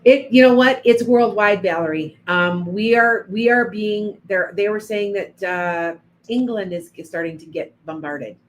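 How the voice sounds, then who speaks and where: A woman talking through a live online reading session, greeting viewers one after another and breaking off her sentences to start again. Her voice is mid-pitched and conversational, caught on a home mic with a faint hum underneath. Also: measured pace, poor audio. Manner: chatty, addresses viewers by name, frequent restarts. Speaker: psychic reader on a livestream. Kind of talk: live-stream reading and chat.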